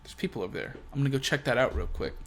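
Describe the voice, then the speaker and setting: A man doing a gruff blunt male warrior. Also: mid-range voice, big pitch swings, very fast, fairly bright tone. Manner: casual, swears.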